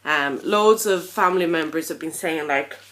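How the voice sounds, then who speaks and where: A woman's voice: deep voice, moderate pace, a bit bright. Tired, chatty young woman vlogging. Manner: chatty, rambling, frank, with frequent ums. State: tired and a little out of breath. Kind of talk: casual chat to camera.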